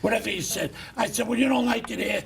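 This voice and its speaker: A middle-aged man hosts a talk show, ranting bluntly and loudly as he tells his stories. His voice sits high for a man and is deeply gravelly, with a rough, creaky edge. A faint hiss of noise runs underneath. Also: fast. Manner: blunt, loud, animated storyteller. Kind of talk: casual ranting monologue.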